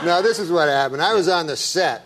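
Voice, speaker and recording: A man telling a rambling anecdote on a talk show in a dry, deadpan way. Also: a little high, quick pace, heavy background noise. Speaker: talk show guest, comedian.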